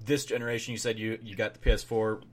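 A man's voice: on the low side, little pitch movement, quick pace. Laid-back man asking questions. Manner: laid-back, asks questions, uses many fillers. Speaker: host. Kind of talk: casual chat.

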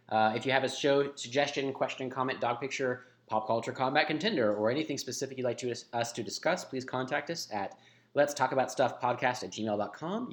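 A man co-hosting a casual podcast, rambling with lots of fillers. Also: medium pitch. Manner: rambling, filler-heavy, laughs often. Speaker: podcast co-host. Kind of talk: casual chat.

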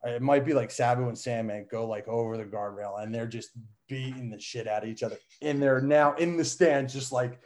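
A man telling a childhood story in casual chat, animated, with lots of fillers and frequent laughter. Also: medium pitch, a little fast, hardly any pauses. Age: adult. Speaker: guest, son of a wrestler.

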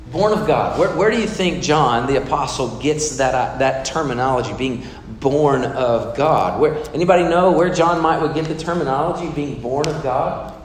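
Man preaching, slightly high voice, asks the crowd questions, echoey hall, long reverb. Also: moderate pace, a little hiss or hum. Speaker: pastor. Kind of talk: sermon.

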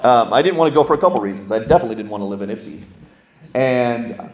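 A man's voice: medium pitch, quick pace, roomy sound. A man preaching a sermon, telling stories and asking the congregation questions. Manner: storytelling, animated, asks the congregation questions. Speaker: pastor.

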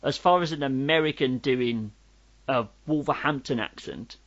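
A man's voice: medium pitch, normal speed, a bit bright. Black country guy rambling through a film review, restarts a lot, bit dull lo-fi sound. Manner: rambling, wry, many restarts. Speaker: podcast co-host. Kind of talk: casual film review chat. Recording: dull lo-fi recording.

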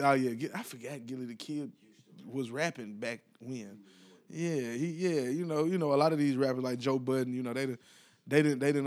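A man hosting his own podcast in loose casual chat, rambling and breaking off to restart his thoughts. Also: medium pitch. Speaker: podcast host.

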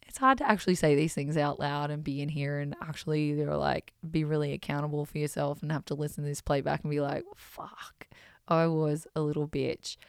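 A woman hosting a podcast, telling stories in an animated, self-mocking way and swearing freely. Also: fairly low pitch, smooth, dry recording, clean studio sound. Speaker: podcast host. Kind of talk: casual storytelling.

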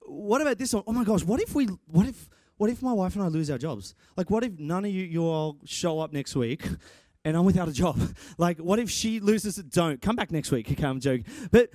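A young man preaching a sermon in an animated, excitable way, with many restarts and sudden shouts. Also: sits high, brisk, few pauses, dry recording, clean studio sound. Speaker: preacher and church guitarist. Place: church.

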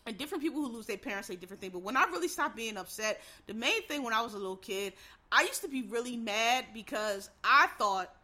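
Woman, blunt and profane, heated monologue to viewers, high and very bright voice. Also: expressive, fast talker.

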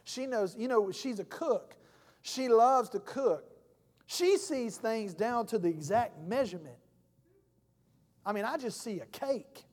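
A man's voice: very high voice, lively intonation, a little slow, darkish tone, long reverb tail. A man pastor preaching a sermon in a folksy way, acting out voices in his stories, in a church sanctuary.

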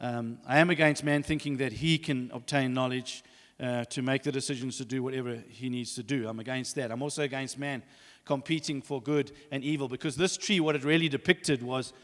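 A man preaching a sermon, telling stories in an animated way and acting out the voices, with long hall reverb. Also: medium pitch, brisk, few pauses. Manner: animated storytelling, acts out voices.

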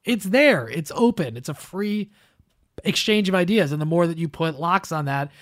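A man with a fairly high voice argues his point in a casual, animated way, breaking into little quoted asides as he goes. He is recorded close and dry, with no room sound around him. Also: moderate pace, no echo. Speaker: podcast co-host. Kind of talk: casual political chat.

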